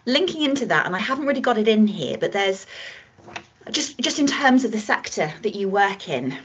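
A woman's voice: medium pitch, sing-song, moderate pace, fairly bright tone, husky. A woman trainer teaching a workshop session, explaining points with gestures and acted-out examples. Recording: dull lo-fi recording.

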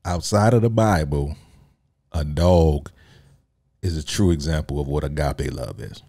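A man's voice: extremely low pitch, measured pace, gravelly, mellow, no room sound. A man hosting a solo podcast, talking casually in a joking, rambling way and laughing often. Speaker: podcast host.

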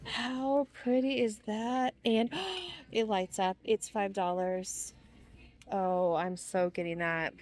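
A woman's voice: mid-range voice, steady tone, slow, a little mellow. Gushing young woman shopping vlogger. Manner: gushing, gasping with delight. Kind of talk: store walk-through vlog. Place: inside a large retail store.

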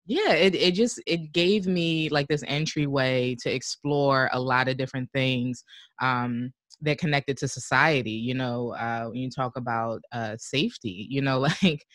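A woman's voice: rumbling low, unhurried, no room sound. Woman guest, casual podcast chat, filler-heavy, giggly, dry close mic. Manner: chatty, heavy use of "like" and "you know", laughs often. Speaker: podcast guest, driving show host. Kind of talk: casual conversational interview.

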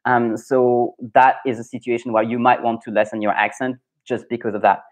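Casting: young adult male French coach, French accent, mid-pitched voice, loose live-stream chat full of fillers. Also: little pitch movement, brisk. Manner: chatty, thinks aloud with many fillers and restarts.

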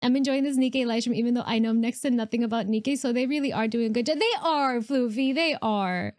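Teary, hoarse young woman streamer. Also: fairly high pitch, brisk, darkish tone, no echo. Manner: emotional, chatty, talking to chat with frequent fillers. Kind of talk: casual live-stream reaction chat.

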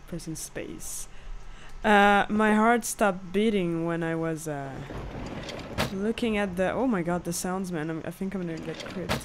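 A woman's voice: lowish voice, unhurried, a little hiss or hum. A woman hosting a horror gameplay video, joking and swearing as she yelps at scares. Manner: jokey, swears and yelps when startled.

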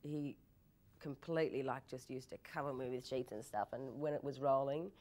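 A young woman in an interview, telling anecdotes in a lively way, laughing often and restarting her sentences. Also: very deep voice. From Australia. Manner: animated storytelling, laughs often, quick repeated restarts. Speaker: actress interviewee.

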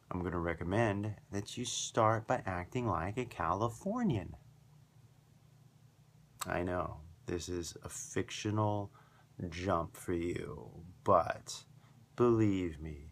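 Male podcast teacher with a low, gravelly voice and an upbeat, emphatic scripted delivery. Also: slow pace, long pauses. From foreigner living in Japan. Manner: upbeat, emphatic, repetitive build-ups. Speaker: English teacher and podcast host.

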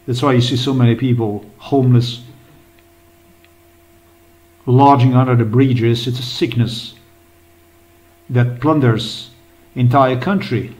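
A man's voice: medium pitch, fairly even intonation, takes it slowly, pauses often, a little mellow, low-quality recording. A man rambling through an agitated commentary while browsing, swearing often and repeating himself. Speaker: vlogger. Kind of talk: rambling screen-recorded commentary.

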